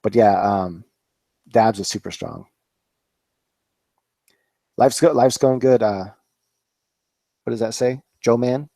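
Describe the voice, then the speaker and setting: A man's voice: fairly low pitch, takes it slowly, pauses often, mellow, dry recording. A man in his forties, a cannabis grower, rambling casually through a live stream, full of fillers and swearing. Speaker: cannabis grower, channel host.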